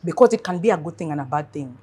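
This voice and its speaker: A woman financial coach giving earnest advice in an interview, telling animated stories. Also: deep voice, fast, husky.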